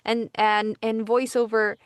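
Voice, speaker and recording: A woman's voice: a little high, little pitch movement, a little slow, clear, resonant tone, dry recording, clean studio sound. A woman co-hosting a podcast, sharing her own experiences in an earnest way. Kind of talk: casual interview chat.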